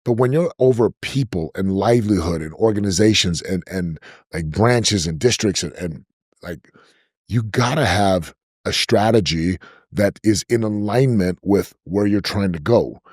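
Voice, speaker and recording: A middle-aged man talking as a podcast guest, giving business advice in an energetic, emphatic way and repeating himself to stress a point. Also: on the low side, a little slow, breathy edge, no room sound, studio quality. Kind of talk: conversational interview.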